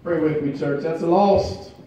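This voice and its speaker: Echoey pastor preaching. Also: male voice, a little high, slight background noise. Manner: builds from quiet to loud emphatic preaching, drawn-out phrases. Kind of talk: sermon. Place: church sanctuary. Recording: distant echoey church recording, muffled.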